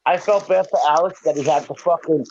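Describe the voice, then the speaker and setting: A man's voice: fairly high pitch, brisk, a little mellow. A middle-aged man telling a story in casual chat, emphatic and profane, insisting again and again that it is true. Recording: dull lo-fi sound, dry.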